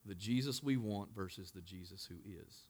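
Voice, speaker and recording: A man preaching a sermon as pastor, swinging from loud emphatic passages to quiet hushed asides and raising his voice to act out quotes. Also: fairly low pitch, normal speed, breathy edge. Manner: acts out biblical quotes in a raised voice.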